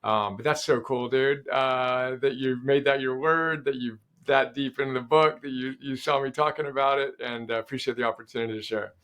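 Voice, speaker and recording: A middle-aged man speaks as a podcast guest, casual and enthusiastic. He gets animated and leans on quotations while he makes his points. His voice sits at an ordinary pitch. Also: normal speed, hardly any pauses. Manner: animated, enthusiastic, quotes often. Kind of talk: casual conversation.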